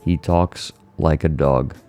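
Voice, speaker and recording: A man's voice: extremely low pitch, steady tone, slow, mellow, faint music behind. A male streamer chatting casually and sounding tired, rambling and stumbling over his words. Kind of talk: casual chat.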